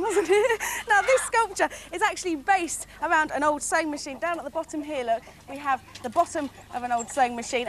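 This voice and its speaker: A woman's voice: high voice, fairly bright tone, slight background noise. A woman presenting a children's TV show outdoors in a garden, playful and jokey in manner.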